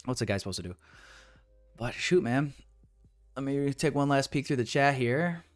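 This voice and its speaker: A man's voice: medium pitch, lively intonation, normal speed, faint music behind. A young man talking casually through a live trading stream, rambling with restarts and sounding frustrated. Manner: frustrated, rambling, restarts, calls viewers boys. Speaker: day trader streaming live.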